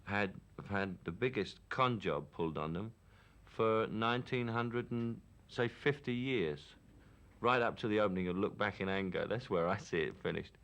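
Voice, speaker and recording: A man's voice: lowish voice, normal speed, fairly bright tone. A man with a Cockney accent from London, giving a frank, opinionated and reflective account in a candid documentary interview. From London, England.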